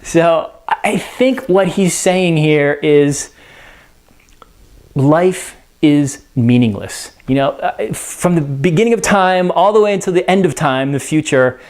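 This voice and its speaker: A man's voice: fairly high pitch, expressive, slow, darkish tone. A man explaining a play in a casual spoken lesson, conversational and full of "you know" and restarts. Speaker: teacher.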